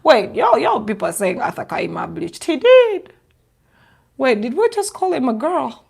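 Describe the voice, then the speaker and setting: Animated sarcastic woman vlogger. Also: high voice, normal speed, gravelly, breathy edge. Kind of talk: sarcastic casual commentary.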